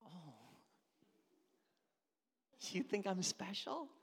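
Animated male pastor with a gravelly voice. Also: high-pitched, drawn-out words, a little hiss or hum. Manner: animated, acts out voices, swings from loud to hushed. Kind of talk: sermon. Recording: reverberant hall.

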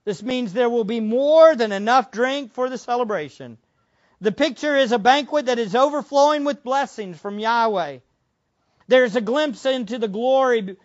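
An impassioned male pastor delivering a sermon, his voice sitting notably high for a man. He swings from hushed, low passages to loud, fervent appeals. The recording is dull and lo-fi.

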